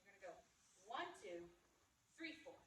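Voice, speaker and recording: A woman's voice: medium pitch, sing-song, moderate pace, fairly bright tone, recorded from a distance, slight background noise. A woman teaching color guard flag choreography, counting beats aloud and checking in with "okay?" and "right?" as she demonstrates. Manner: demonstrating moves while talking. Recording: echoey space, voice from off-mic.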